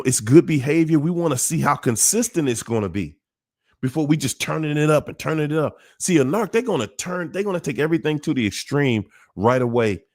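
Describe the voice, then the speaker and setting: A man's voice: medium pitch, darkish tone. A man hosting a livestream, talking to viewers in a repetitive, emphatic, preachy way. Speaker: livestream host. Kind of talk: casual livestream talk.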